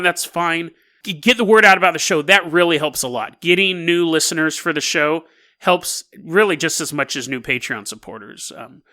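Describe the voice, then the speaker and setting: Animated, bright-voiced male podcast host. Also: a little high. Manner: jokey, animated, laughs while talking. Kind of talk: casual comedic storytelling.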